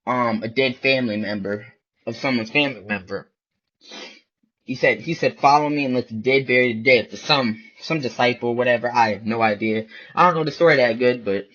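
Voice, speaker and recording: A man's voice: medium pitch, fairly bright tone. A man delivering a blunt, profane, repetitive ranting monologue about faith. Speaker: online video preacher. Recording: dull lo-fi recording.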